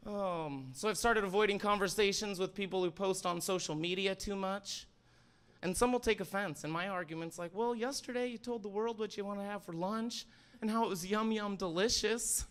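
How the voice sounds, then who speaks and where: High-voiced young comedian shouting punchlines. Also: male voice, fairly quick, clear, resonant tone. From Sandpoint, Idaho. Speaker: stand-up comedian. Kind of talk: stand-up comedy set. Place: stage in a library event hall.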